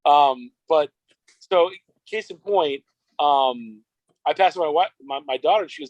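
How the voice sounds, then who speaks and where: A middle-aged father telling a story with excited enthusiasm in a casual chat. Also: a little high, unhurried, no echo, low-quality recording.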